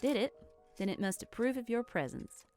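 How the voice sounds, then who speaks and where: A woman voicing a gallant, charming medieval sea captain with a courtly, smooth-talking manner. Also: fairly high pitch, very animated, moderate pace, darkish tone, pitched above the performer's own voice. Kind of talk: fan audio drama reading. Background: music.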